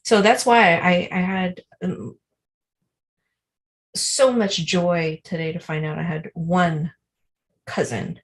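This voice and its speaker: A woman co-hosting a live online show, telling a story in a rambling, animated way full of fillers. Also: lowish voice, slow pace, long pauses. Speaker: co-host. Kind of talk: casual livestream storytelling.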